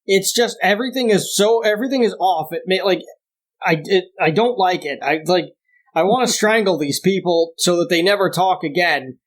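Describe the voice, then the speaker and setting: A young man co-hosting a podcast, his voice sitting a bit high. He talks in casual chat and rants with exaggerated disdain, climbing higher as he gets worked up. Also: normal speed. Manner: ranting, exaggerated disdain, rising pitch when worked up. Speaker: podcast co-host.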